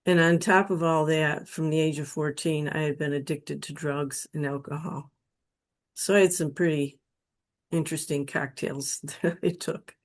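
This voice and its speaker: A middle-aged woman from Western New York slowly telling a personal spiritual testimony, emotional and earnest. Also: sits low, steady tone. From Western New York State. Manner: slow, emotional, pleading when quoting her prayers. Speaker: guest telling her near-death experience story.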